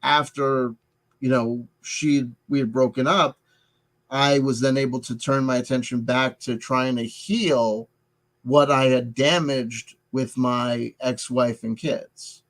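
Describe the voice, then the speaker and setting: A middle-aged man talking through a personal confession in a halting, rambling way, full of restarts and filler words, wearing headphones. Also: medium pitch, fairly even intonation, rough recording. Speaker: vlogger. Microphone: headset headphones.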